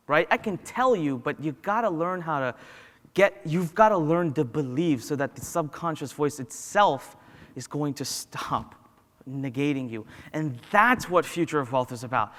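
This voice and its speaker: A man giving a motivational talk, telling personal stories and acting out the dialogue in them. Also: on the high side. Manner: animated storyteller who acts out dialogue. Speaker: motivational business speaker. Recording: long hall reverb.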